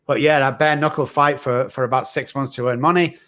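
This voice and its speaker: A man's voice: medium pitch, fairly even intonation, fairly quick, hardly any pauses, a bit bright. Guy, middle-aged, telling his story raw and earnest, regular mid voice. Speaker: recovery expert guest. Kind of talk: candid personal storytelling.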